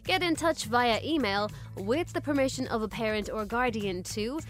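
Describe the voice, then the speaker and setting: Brief: female host, fairly high voice, upbeat book-show presenting, faint music. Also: normal speed. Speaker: radio host.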